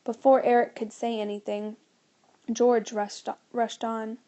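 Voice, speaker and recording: A woman narrating a children's novel in a steady storytelling manner. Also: on the high side, measured pace. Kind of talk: audiobook reading of a children's novel.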